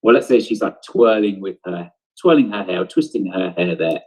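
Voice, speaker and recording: A man's voice: deep voice, normal speed, a little mellow, slightly rough, low-quality recording. A man teaching an online drama lesson, explaining step by step and thinking aloud. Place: home, on a video broadcast.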